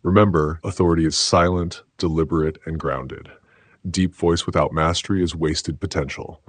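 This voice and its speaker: A man giving scripted motivational narration in a slow, deliberate, measured way, with a very deep, husky voice. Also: fairly even intonation, no room sound.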